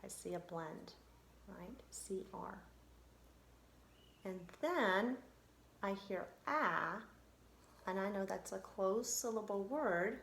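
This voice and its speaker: A woman's voice: medium pitch, gravelly, fairly bright tone, echoey room, slight background noise. A woman teaching an online phonics lesson, patiently sounding out letters step by step.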